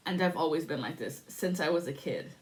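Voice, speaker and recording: A woman in her forties from the United States, telling stories in a casual, profane, animated monologue as a spiritual vlogger. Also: deep voice, a little fast. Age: 40s. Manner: profane, animated storytelling with laughs.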